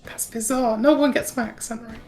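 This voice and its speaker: Game-tournament co-caster: woman, Yorkshire-South African accent, high voice, giggly, rambling, faint music underneath. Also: fairly even intonation, fairly quick, darkish tone. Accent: mix of Yorkshire and South African. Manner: giggly, rambling, often loses her words. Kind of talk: live game-tournament commentary.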